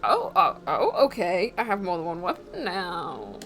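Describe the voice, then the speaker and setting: Slow-talking playful woman. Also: fairly low pitch, huge pitch swings. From United Kingdom. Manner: playful, giggly, silly bits of accents. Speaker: streamer co-host. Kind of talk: casual gameplay chat. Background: game music.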